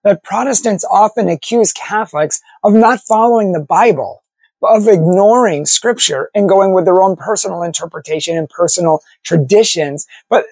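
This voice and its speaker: A man's voice: sits high, normal speed, a little mellow, breathy edge, no room sound. A man, a Catholic apologist, delivering an argumentative monologue full of rhetorical questions. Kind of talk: opinion monologue to camera.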